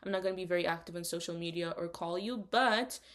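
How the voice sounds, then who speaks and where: A woman's voice: lowish voice, fast talker. Earnest young woman co-hosting a chat. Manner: earnest, encouraging, animated. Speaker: podcast co-host. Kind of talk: casual chat.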